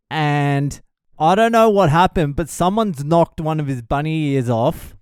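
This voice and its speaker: A man with a smooth, resonant voice that sits a little high rides through a profane comic monologue. He is blunt, swears constantly and breaks into laughter at his own jokes. The recording is close and dry, with no room sound. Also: darkish tone, no echo. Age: adult father of a young child. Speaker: comedian podcast host.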